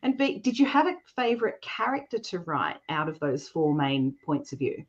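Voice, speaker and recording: A woman's voice: sits low, sing-song, moderate pace. A woman podcast host asking questions with an enthusiastic, complimentary manner. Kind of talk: interview hosting. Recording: dull lo-fi sound.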